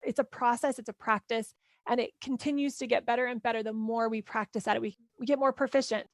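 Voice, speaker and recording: A woman coaching parents in a live workshop, talking in a loose, chatty way. Her voice sits fairly high. The sound is dry and close, with no room echo. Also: fairly even intonation, quick pace. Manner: casual, chatty, lots of "like" and "right?".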